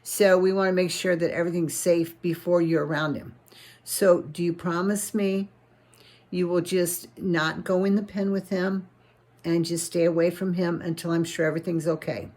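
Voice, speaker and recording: A woman's voice: lowish voice, steady tone, a little mellow, lightly acted. A woman doing a firm horse-trainer dad. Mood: serious. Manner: firm, cautioning, quick. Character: firm, caring father who trains horses.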